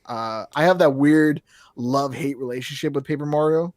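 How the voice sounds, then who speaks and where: A man's voice: fairly high pitch, normal speed, darkish tone, no room sound, clean studio sound. A man co-hosting a casual video game podcast, rambling and joking, swearing now and then. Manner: rambling, jokey, swears, does silly voices. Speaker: podcast co-host. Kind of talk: casual chat about video games.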